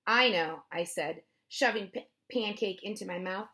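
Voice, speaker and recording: Lady reading a kids' chapter book out loud, lively, voice jumps up for the little kids' lines. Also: normal speed. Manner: lively, pitching up for kids' voices and dropping low for narration tags. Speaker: storybook reader. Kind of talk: children's read-aloud with character voices.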